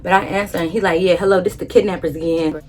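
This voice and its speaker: A woman vlogger telling a story in a casual, animated, blunt way, swearing freely. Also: fairly low pitch, quick pace, slight background noise.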